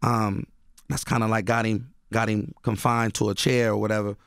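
A man's voice: on the low side, level tone, moderate pace, clean tone, no room sound, studio quality. A man from Oakland, a radio guest telling loose stories packed with "you know what I mean". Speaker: guest author and rapper. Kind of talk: casual radio interview. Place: radio studio.

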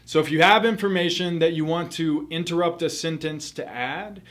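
Youngish guy tutoring test grammar, kinda high voice, goes over the same points again. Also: normal speed, a bit bright. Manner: methodical, repeats key points for emphasis. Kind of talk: recorded grammar lesson.

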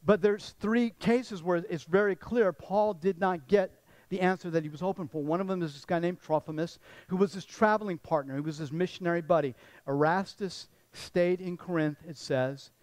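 A man's voice: high voice, moderate pace, darkish tone, no echo, low-quality recording. A man pastor giving a conversational sermon, often repeating words and restarting sentences.

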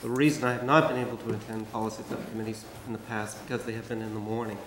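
A man on a school board making a firm, measured objection at a public meeting. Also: on the low side, flat delivery, fairly bright tone, a little hiss or hum. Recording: echoey meeting room.

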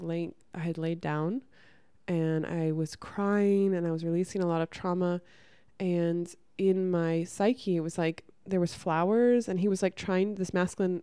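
A woman's voice: on the low side, mellow, clear, resonant tone, dry recording, clean studio sound. A woman speaking to camera in a candid personal monologue, earnest and rambling, full of fillers. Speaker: spiritual content creator.

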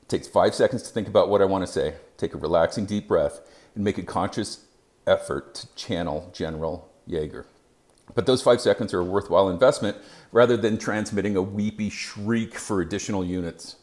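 Man, very low pitch, measured scripted narration, EMS educator. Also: darkish tone.

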